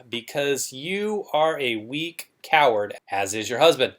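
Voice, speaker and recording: A man's voice: a little high, lively intonation, normal speed, few pauses. A man hosting a commentary show, talking in a sarcastic, mocking way.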